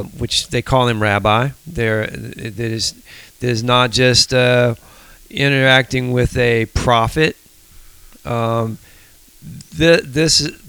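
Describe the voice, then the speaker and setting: A man leading a podcast Bible study, reading scripture in a measured, deliberate way. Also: mid-range voice, a bit bright, clear, resonant tone, no echo, poor audio.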